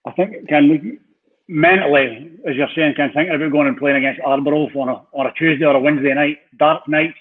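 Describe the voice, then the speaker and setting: A man's voice: a little high, steady tone, a little fast, slightly rough. Man host on a tinny line. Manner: brief encouraging replies, chatty. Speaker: podcast host. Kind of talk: casual podcast chat.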